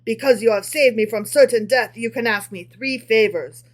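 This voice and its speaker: A woman reading aloud and voicing a proud, impatient male emperor, loud and commanding, with a light put-on French flavor. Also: a little high, normal speed, natural voice. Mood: grand.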